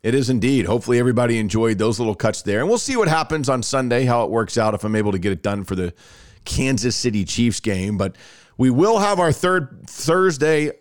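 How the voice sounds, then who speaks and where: A man hosting a casual sports talk podcast, telling stories in an animated, self-mocking way. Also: on the low side, fast talker, no echo, studio quality. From Alabama, US. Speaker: podcast host.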